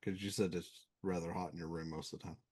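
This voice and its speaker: An older man with a low voice co-hosting a casual podcast. He teases his friends bluntly and swears now and then. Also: steady tone, fast, darkish tone, breathy edge. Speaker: co-host.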